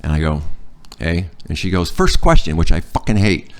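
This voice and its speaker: Deep-voiced swearing storyteller man. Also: brisk. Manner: profane, animated storyteller who acts out quotes. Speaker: podcast guest. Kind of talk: casual storytelling.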